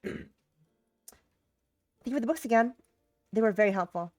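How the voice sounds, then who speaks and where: Sick woman voicing a gentle young heroine. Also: fairly high pitch, animated, moderate pace, no echo, studio quality, pitched above the performer's own voice, close to an everyday voice. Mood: earnest. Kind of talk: voicing visual novel player character.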